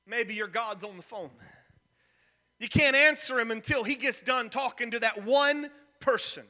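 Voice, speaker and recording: Young male preacher, very high voice, sharp bright tone, lively sermon delivery, long hall reverb. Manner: animated, storytelling preaching with shouted peaks and sudden drops. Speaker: pastor.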